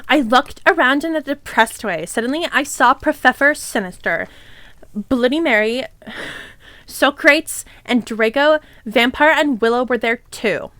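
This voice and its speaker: Higher-voiced woman reading aloud, dry sound. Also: expressive, measured pace, fairly bright tone, no room sound. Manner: wry, amused, swears in asides. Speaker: streamer. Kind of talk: reading a fanfic aloud on stream with commentary.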